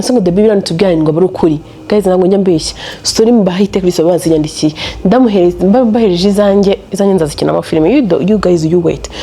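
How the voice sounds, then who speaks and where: A young woman telling a story to camera in a casual vlog, animated and laughing often as she switches between Kinyarwanda and English. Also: fairly low pitch, slight background noise. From Rwanda. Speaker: storytelling vlogger.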